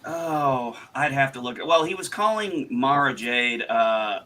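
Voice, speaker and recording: Host type: man, bright and punchy voice, animated storyteller who swears a lot and acts out quotes. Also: medium pitch, takes it slowly. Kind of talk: casual livestream chat.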